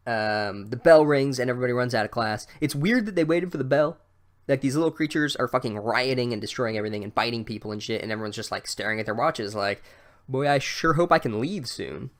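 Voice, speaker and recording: Sarcastic, profane male book recapper. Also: mid-range voice. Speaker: podcast host.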